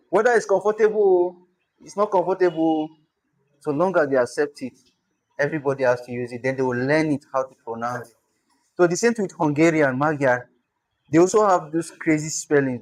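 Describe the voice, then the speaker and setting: A man's voice: a little high, poor audio. Man teaching, sounding words out aloud. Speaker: instructor. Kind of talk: online lesson on spelling.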